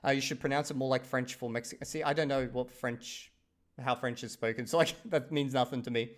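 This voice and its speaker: Live streaming in a laid-back way, a young adult man from Australia reads out his viewers' comments. His voice is mid-range, he laughs easily, and he's lively, with casual swearing throughout.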